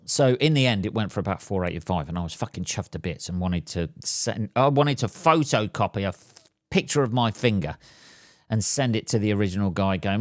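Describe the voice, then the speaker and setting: A man's voice: fairly low pitch, a little fast, no echo, studio quality. Sweary man ranting. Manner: sweary, ranting, lively swings between loud and mutters. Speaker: podcast host and stand-up comedian. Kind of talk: casual solo podcast rant.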